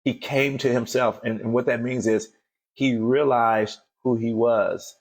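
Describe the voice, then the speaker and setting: A man's voice: medium pitch, steady tone, measured pace. A man giving an emphatic motivational sermon as host of a daily show, repeating phrases as he builds to fervent calls to action.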